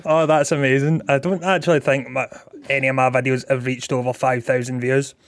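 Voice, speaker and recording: A man co-hosting a podcast, easygoing and a bit halting as he chats. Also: medium pitch, level tone, clean tone. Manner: easygoing, laughs along, halting phrasing. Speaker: podcast co-host. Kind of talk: casual podcast chat.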